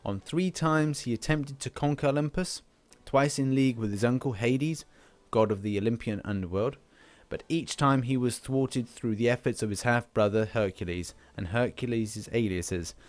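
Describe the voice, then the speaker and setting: A man's voice: medium pitch, normal speed. A British man hosting a game channel, giving casual, rambling commentary with many restarts. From Britain. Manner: rambling, lots of fillers and restarts.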